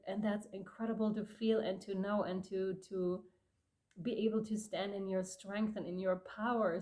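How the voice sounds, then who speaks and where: A woman giving a tarot reading to her viewers, effusive and emotional, laughing often and addressing listeners warmly. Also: mid-range voice. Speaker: tarot reader.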